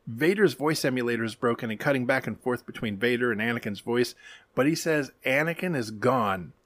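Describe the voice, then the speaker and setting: A man co-hosting a podcast, giving a casual, animated recap with wry asides and casual swearing. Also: mid-range voice, fairly quick, dry recording. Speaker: podcast co-host.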